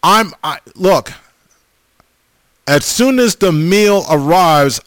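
A middle-aged man casually chatting as a host, reading viewer comments in a folksy, animated way, often repeating himself. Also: high voice, slow, no room sound. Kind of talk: casual chat.

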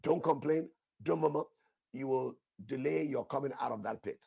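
A man's voice: medium pitch, a little fast, gravelly, dark tone, slightly rough, dry recording, studio quality. A man preaching a sermon, emphatic, repeating his phrases and asking the listeners questions, with bursts of prayer in tongues.

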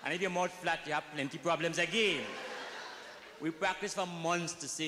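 A man's voice: on the high side, brisk, pushed and bright, a little hiss or hum. A man with a Trinidadian accent telling comic stories to a live audience, folksy, breaking into sung snatches. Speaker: comic storyteller. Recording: echoey hall recording.

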